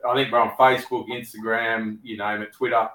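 A man's voice: lowish voice, flat delivery, brisk, bright, forceful tone, far from the mic. Easygoing Australian man in an echoey room. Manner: easygoing, plain-spoken. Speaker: guest, former footballer. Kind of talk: casual chat. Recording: roomy echo.

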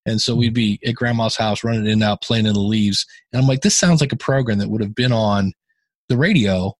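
A man's voice: lowish voice, brisk, no room sound. A man co-hosting a podcast, giving casual feedback on a show in a rambling way, full of fillers and restarts. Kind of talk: casual chat.

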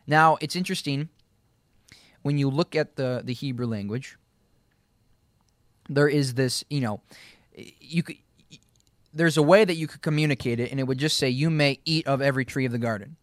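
A man's voice: medium pitch, moderate pace, long pauses, no echo, studio quality. A man leading a casual Bible study, reading verses aloud and explaining them word by word. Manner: reads scripture aloud, repeats key words, laughs easily. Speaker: Bible teacher.

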